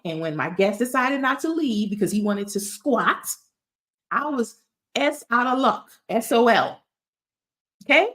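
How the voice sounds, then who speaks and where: A woman's voice: fairly high pitch, lively intonation, a little slow, fairly bright tone. Chatty, emphatic woman. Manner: chatty, emphatic, storytelling with asides. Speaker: tax resolution expert. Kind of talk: casual advice talk to camera.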